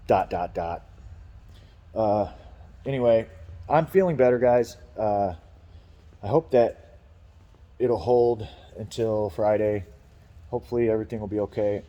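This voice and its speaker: Man, vlogger, dark mellow voice, rambling, swearing, casual venting. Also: on the low side, a little slow, long pauses, in a large hall, highs cut off. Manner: rambling, profane, frustrated venting. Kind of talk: casual morning vlog, venting about work.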